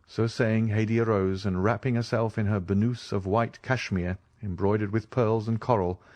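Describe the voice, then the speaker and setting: A man narrating a classic novel as an audiobook reader, expressive storytelling. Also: on the low side, normal speed, dry recording.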